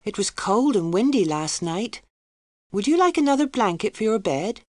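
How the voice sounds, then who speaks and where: A woman's voice: medium pitch, big pitch swings, moderate pace, no echo, studio quality, voice pushed up, lightly acted. A woman voicing a polite young female servant at an inn in an audio storybook. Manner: polite and eager to help.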